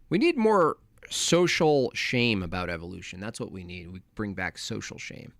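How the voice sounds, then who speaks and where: A man's voice: lowish voice, very animated, normal speed, vocal fry, hardly any pauses. A man hosting a livestream, reading chat and ranting in a mocking, opinionated way. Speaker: livestream host.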